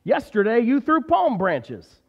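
A man's voice: extremely high pitch, huge pitch swings, measured pace, big-room sound, dull audio, pitched above the performer's own voice, full character voice. A man voicing a proud, indignant young male donkey that speaks crossly and boastfully while telling a story in a sermon.

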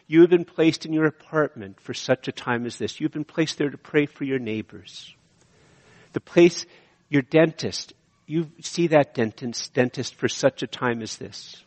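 A man's voice: on the high side, normal speed. Impassioned male pastor in a reverberant church. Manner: impassioned, repetitive, swings from hushed to loud. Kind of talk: sermon. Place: church sanctuary. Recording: long hall reverb.

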